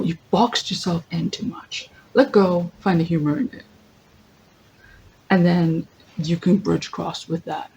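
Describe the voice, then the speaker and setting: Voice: mid-range voice, a little slow, creaky, darkish tone, slight background noise, poor audio. A tarot reader giving a casual general reading, thinking aloud, correcting themselves, laughing easily and reading lists from a guidebook. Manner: chatty, thinks aloud, often corrects itself.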